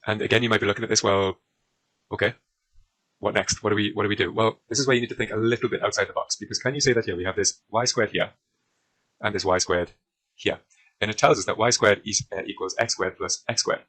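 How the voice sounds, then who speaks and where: A man's voice: lowish voice, fairly even intonation, fast talker, a bit bright, rough recording. A man with a British accent talking through a maths exam question as a tutor, often using fillers while he draws on a diagram. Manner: talks while drawing, with frequent fillers. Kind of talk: exam walkthrough lesson.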